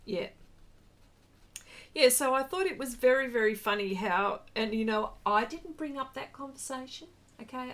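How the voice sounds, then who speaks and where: Australian woman, fairly high voice, casual livestream chat, rambling, answers viewer comments. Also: normal speed. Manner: brightens and rises when greeting viewers. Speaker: artist hosting a livestream.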